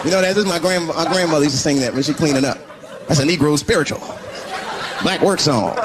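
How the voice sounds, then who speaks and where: A middle-aged man doing stand-up storytelling on stage, shouting some punchlines high. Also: fast talker, a crowd in the background. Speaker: stand-up comedian. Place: stage before a live audience. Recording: noisy live stand-up room. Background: audience laughter.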